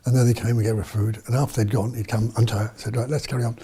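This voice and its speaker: A man's voice: on the low side, flat delivery, fast talker, warm tone, slightly rough. A man, a priest and missionary, telling stories in an interview, rambling with many fillers and restarts. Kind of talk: storytelling in an interview.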